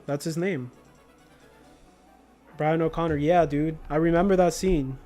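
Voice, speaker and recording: A man's voice: a little high, measured pace, dark tone, soft background music. Laid-back young man telling stories. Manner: laid-back storytelling with slang. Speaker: livestreamer. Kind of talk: casual chat while gaming.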